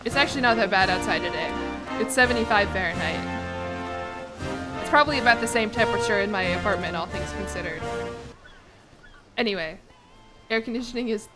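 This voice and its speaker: A young woman streamer chatting casually with her chat from her apartment, laughing often and swearing casually. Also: a little high. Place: home apartment.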